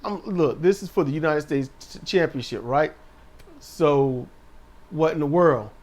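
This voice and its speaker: High-voiced sarcastic man recapping wrestling. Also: a little slow, darkish tone. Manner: sarcastic, mocking impressions in a raised voice. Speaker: wrestling show reviewer. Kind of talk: casual recap commentary.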